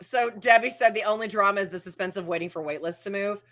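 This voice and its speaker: A woman's voice: mid-range voice, quick pace, a bit bright. Lady cohost just rambling on a live stream, lotta "like"s. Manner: rambling, lots of "like" and restarts. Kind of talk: casual live-stream chat.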